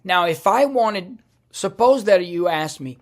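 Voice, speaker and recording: Guy teaching a lesson, talks real slow, lots of uh and restarts. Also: sits high, expressive. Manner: slow, hesitant, with many restarts and fillers. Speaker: language teacher. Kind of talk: explaining a lesson.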